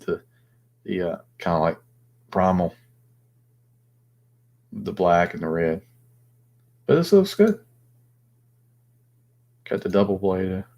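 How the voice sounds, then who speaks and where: A lower-pitched man hosts a loose, casual chat. He rambles and thinks aloud, padding his talk with ums and restarts. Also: darkish tone. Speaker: host.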